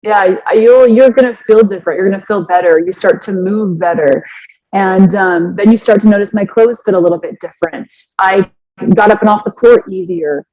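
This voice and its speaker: A woman in her forties, a fitness coach, telling her personal story in an earnest, animated way with many restarts. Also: mid-range voice, normal speed, dry recording. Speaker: fitness coach and podcast guest. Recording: dry, slightly dull sound.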